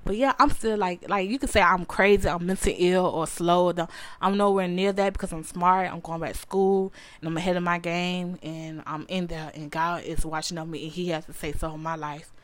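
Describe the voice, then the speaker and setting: A woman's voice: fairly low pitch, fairly even intonation, brisk. A young adult woman hosting her own podcast, telling her personal story to listeners in an earnest, repetitive way and calling them honey. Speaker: podcast host. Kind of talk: personal testimony to a live audience.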